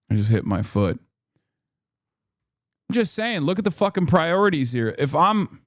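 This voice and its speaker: A man with a fairly high voice rants on a live stream about the news, swearing freely and slipping into sarcastic asides. The sound is dry and close, with no room around it. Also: a little slow, long pauses, no room sound. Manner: profane, animated ranting with sarcastic asides. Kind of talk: casual political commentary stream.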